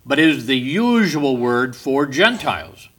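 A man with a bright, forceful voice teaching a Bible study. He explains patiently, leans on key words and circles back to restate each point. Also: medium pitch, big pitch swings, measured pace.

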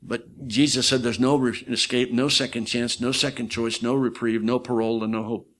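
A man preaching a sermon, telling stories dramatically, swinging loud for quoted voices and dropping low for emphasis. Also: level tone, normal speed.

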